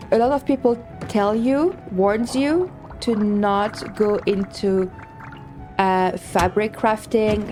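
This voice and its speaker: A woman's voice: on the high side, a little mellow. A woman streaming a game live, chatting casually and thinking aloud, rambling with many fillers and restarts. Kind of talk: casual live-stream chat while gaming.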